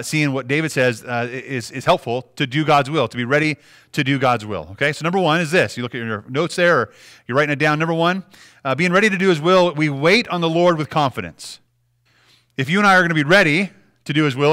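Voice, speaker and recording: A pastor in his thirties delivers a sermon in a church, talking to the congregation in a loose, conversational way. His voice sits a little high and sounds bright and clear. He often restarts his phrases and tosses in "right?" to check in with the room. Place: church sanctuary.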